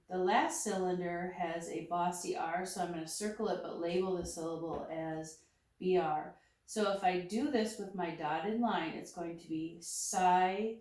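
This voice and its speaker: A woman teacher working slowly through a phonics lesson, explaining each step aloud. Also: lowish voice, a little mellow, distant mic. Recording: echoey room, voice set back from the mic.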